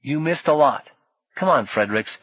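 A man's voice: fairly high pitch, lively intonation, normal speed, husky, dry recording, dull audio, voice pushed up. A man voicing an upset teenage boy who speaks urgently and insistently.

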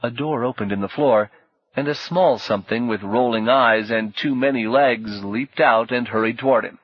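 A man reading audiobook narration in a measured, even storytelling manner. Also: medium pitch, husky, no echo. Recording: dull lo-fi dry audio.

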